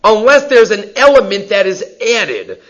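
A man's voice: high voice, sing-song, a little slow, fairly bright tone. A man giving a lesson on Jewish law, reading Hebrew passages aloud and explaining them in English with emphasis. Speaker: Torah teacher. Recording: dull lo-fi recording.

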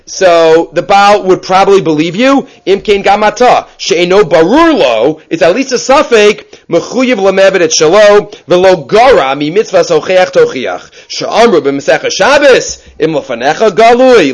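High-voiced man teaching a Talmud class. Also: rough recording. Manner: reads Hebrew and Aramaic text, then explains in English; animated storyteller, many restarts.

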